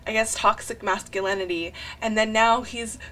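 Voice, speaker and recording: Gushing young woman, excited fan chat. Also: fairly high pitch, normal speed. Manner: gushing, excitable fangirling with frequent sighs; rambling and breathless, often saying "like". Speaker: artist narrating a drawing video. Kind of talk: casual chat voice-over.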